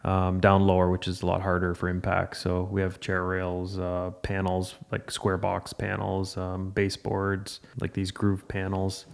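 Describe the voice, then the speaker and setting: A man's voice: low voice, monotone, measured pace, vocal fry, few pauses. A man who is a guest on a casual podcast interview, explaining products in a plain, matter-of-fact way. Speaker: guest, mouldings manufacturer. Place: manufacturing facility.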